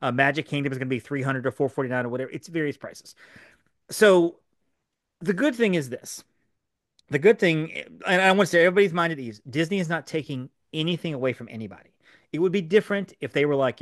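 A man co-hosting a podcast, speaking rapidly and filling his explanations with ums and asides. His voice sits a little high for a man. The studio sound is dry and close. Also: dry recording. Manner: fast, animated explainer with many fillers. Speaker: podcast co-host. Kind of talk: casual podcast chat.

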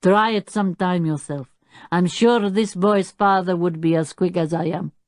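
A woman voicing a cunning, smooth-talking foreign man who flatters with a foreign-sounding manner. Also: lowish voice, unhurried, no room sound, studio quality. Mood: flattering.

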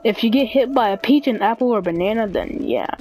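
A woman giving casual gameplay commentary, giggly and excitable, laughing constantly and yelling at other players. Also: on the high side, fairly quick, slight background noise, poor audio. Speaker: gaming video creator.

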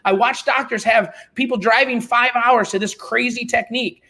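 A middle-aged man talking as a podcast guest, telling stories in a blunt, animated, informal way. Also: very high-pitched, normal speed. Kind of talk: casual conversational storytelling.

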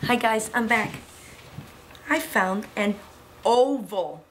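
Woman, preschool teacher, sing-song and cheerful, fairly high, bright voice, faint hiss behind. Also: expressive, slow. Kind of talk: lively lesson for young children.

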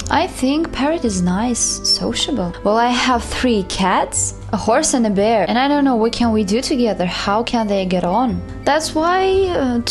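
A woman giving chatty, playful let's-play commentary, cooing at a virtual pet. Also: a little high. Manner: chatty, playful, talks to her pet like a baby. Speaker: gaming YouTuber.

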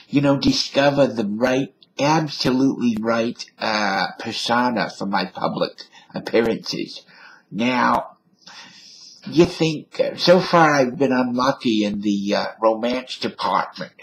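Slow, gravelly man musing on a webcam. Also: medium pitch. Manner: wry, self-mocking, musing. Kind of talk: rambling webcam monologue. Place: indoors at a computer.

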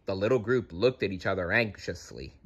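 A man narrating a children's storybook in an expressive, dramatic way. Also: deep voice, a little fast, breathy edge, highs cut off. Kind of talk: storybook read-aloud.

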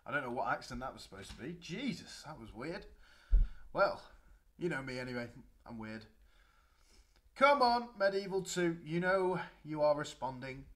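A young man giving excitable, chatty commentary while playing a strategy game. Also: fairly high pitch, moderate pace. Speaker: let's play gamer. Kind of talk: gameplay commentary.

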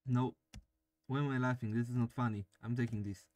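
A man's voice: mid-range voice, steady tone, brisk, a little mellow, slight background noise. A man playing a video game, reading the on-screen text aloud and joking between lines. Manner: reads game text aloud and jokes with himself. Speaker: let's play gamer.

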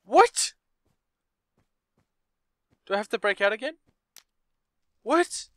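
A man's voice: sits high, animated, takes it slowly, fairly bright tone, no room sound. A young man commenting on a game, reading story text aloud with nervous asides and startled outbursts. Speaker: gameplay commentator.

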